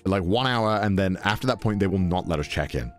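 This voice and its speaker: A man's voice: expressive, fairly quick, faint music behind. A young British man telling a travel story, swearing often and putting on voices for the people in it. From Britain. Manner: swearing, mimics voices, high-pitched exclamations. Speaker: podcast storyteller. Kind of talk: animated anecdote telling.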